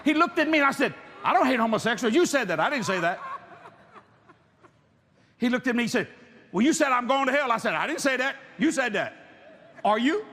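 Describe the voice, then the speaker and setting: A male preacher, telling stories in a sermon, animated and joking, bursting into shouted emphasis. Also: extremely high pitch, a little fast, long pauses, slight background noise. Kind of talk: sermon with storytelling.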